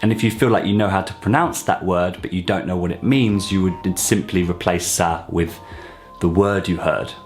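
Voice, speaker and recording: A man teaching an online language lesson, explaining clearly and repeating example phrases slowly. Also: low-pitched, darkish tone, faint music behind. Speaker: French teacher.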